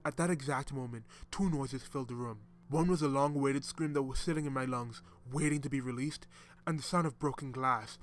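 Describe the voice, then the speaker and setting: Guy reading a creepy horror story, steady and dramatic, soft music behind. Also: mid-range voice. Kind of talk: scripted horror narration. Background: faint music.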